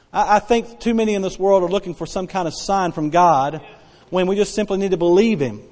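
A man in his forties preaching a sermon, repeating key phrases and drawing out Bible verses slowly. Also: high voice, in a large hall. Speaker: pastor.

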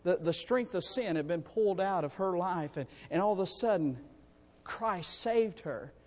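A man preaching a sermon to his congregation, in a folksy, animated way with calls for amens. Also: high voice, normal speed. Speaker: pastor. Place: church sanctuary. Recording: long reverb in a church hall.

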